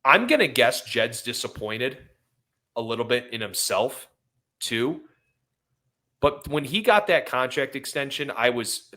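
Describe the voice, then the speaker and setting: A man's voice: fairly low pitch, pushed and bright. A man co-hosting a sports podcast, ranting with emotion and apologizing for it. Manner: impassioned, rambling, apologetic. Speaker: podcast co-host. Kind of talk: emotional casual sports talk.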